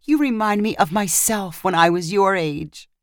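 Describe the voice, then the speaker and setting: A woman voicing a doting elderly grandmother who sounds gentle and fretful. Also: medium pitch, moderate pace, dry recording, studio quality, lightly acted.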